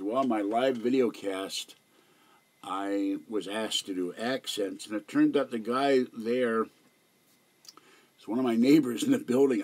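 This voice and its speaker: A man's voice: mid-range voice, a little mellow. An older man chatting casually at home on a livestream, telling rambling, digressive stories. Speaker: livestream host.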